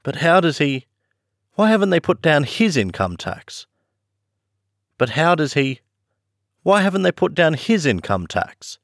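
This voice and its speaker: A man's voice: fairly high pitch, very animated, measured pace, pauses often, no room sound, studio quality, voice pushed up. A man voicing a polite, eager teenage schoolboy in a storybook reading.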